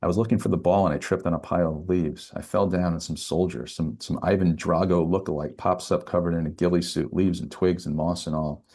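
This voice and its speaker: A man's voice: sits low, fairly even intonation, fairly quick, hardly any pauses, mellow. A man reading the lines of a shaken, blunt American character in a novel, in his own everyday voice.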